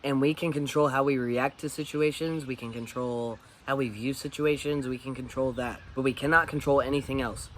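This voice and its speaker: A man speaks candidly straight to camera, blunt and unfiltered, with swearing mixed into casual talk. His pitch sits in an ordinary middle range for a man. A faint hum of noise runs under the voice, as if recorded in a vehicle. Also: fairly even intonation, brisk, hardly any pauses, a bit bright. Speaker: vlogger. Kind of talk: casual vlog monologue.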